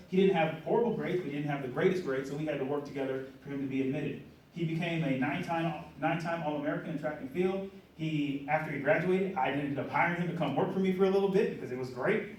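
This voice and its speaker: A middle-aged man delivers a lively motivational talk to a conference crowd, checking in with the audience as he goes. His voice sits a little high and moves quickly. It is recorded from some distance in a very echoey hall. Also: slight background noise. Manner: energetic, asks the room questions. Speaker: conference speaker. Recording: roomy hall audio from a distance.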